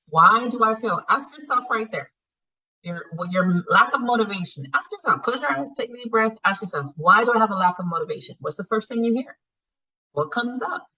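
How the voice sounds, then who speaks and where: A woman facilitating a spiritual healing class, coaching her students in a blunt, profane, animated way and laughing often. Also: medium pitch, normal speed, recorded from a distance, poor audio. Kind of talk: live online class teaching.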